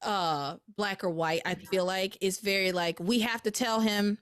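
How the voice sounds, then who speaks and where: A woman hosting a podcast, recapping a soap opera casually and acting out the characters' lines in quick voices. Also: mid-range voice, fairly even intonation, a bit bright, clear, resonant tone, no room sound. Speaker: podcast host.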